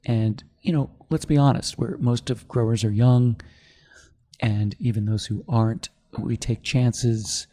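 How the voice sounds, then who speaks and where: A middle-aged man, a company founder, telling his story in a podcast interview, animated and quick to act out what others said. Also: medium pitch. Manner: animated storyteller, acts out quoted voices.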